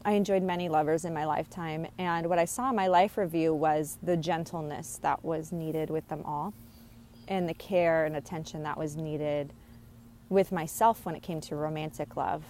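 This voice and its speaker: A woman's voice: sits low, steady tone, normal speed, a little mellow, slight background noise. Giggly woman relaying spirit messages, hesitant. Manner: hesitant, many fillers and restarts, giggly. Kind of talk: casual channeling monologue.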